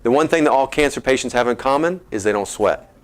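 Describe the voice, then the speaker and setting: Energetic Texan man, health talk to a live crowd, joking coach energy. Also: mid-range voice, fast talker. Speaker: chiropractor giving a health talk. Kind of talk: lively seminar talk to a live audience.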